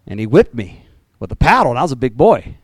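A man preaching a sermon as pastor, animated, with sudden jumps in pitch and repeated words. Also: quick pace, no room sound.

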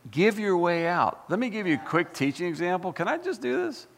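A male pastor preaching with fire, his voice climbing and plunging all over the place. His tone has a gravelly edge, and it rings out with a long reverb from a church sanctuary. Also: high voice, a little fast. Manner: fired-up, animated preaching with folksy asides and repetitions. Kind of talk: sermon.

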